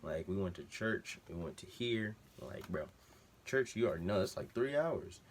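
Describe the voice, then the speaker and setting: A man's voice: on the low side, lively intonation, a little slow, slight background noise. A man vlogger telling a story casually at home, slangy and rambling, with many side digressions. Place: room at home with a TV on behind.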